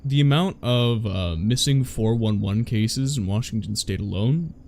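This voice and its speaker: A man's voice: on the low side, a little slow, a little mellow. A man streaming a horror game live, chatting with his audience in a rambling way with lots of fillers. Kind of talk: live gameplay commentary.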